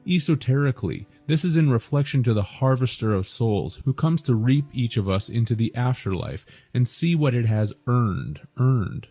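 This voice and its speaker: Mellow-voiced man narrating over faint music. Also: medium pitch. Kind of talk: scripted narration.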